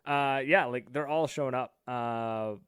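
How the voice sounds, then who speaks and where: A man's voice: medium pitch, unhurried, clear, resonant tone, no room sound. Laughing man in a dry close-up chat. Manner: laughing, animated storytelling. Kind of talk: casual chat.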